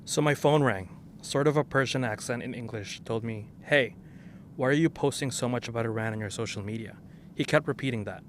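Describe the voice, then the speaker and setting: A man's voice: medium pitch, a little fast, a little hiss or hum. A man answering interview questions, telling his story in a plain, direct way.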